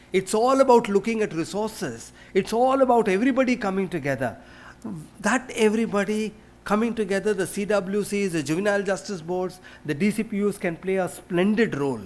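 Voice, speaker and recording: A man with an Indian English accent giving an earnest speech at a conference, sometimes dropping to a hushed tone. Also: high-pitched. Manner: earnest, drops to a hushed tone while recounting. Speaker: panel speaker. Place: conference hall.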